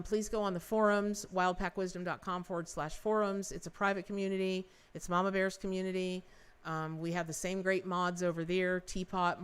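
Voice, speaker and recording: Smooth-voiced, effusive woman tarot reader. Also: lowish voice. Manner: effusive, rambling, many restarts; folksy and affectionate with viewers. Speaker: tarot reader and livestream host. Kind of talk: live-stream tarot reading.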